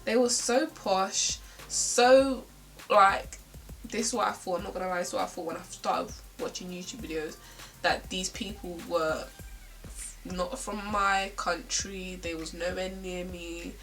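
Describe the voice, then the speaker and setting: A woman's voice: lowish voice, fairly even intonation, unhurried, fairly bright tone, distant mic, soft background music, rough recording. A young woman from South London with a South London accent, chatting casually in a get-ready-with-me vlog, ranting with slang and lots of "like". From South London, England. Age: young adult. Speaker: beauty vlogger.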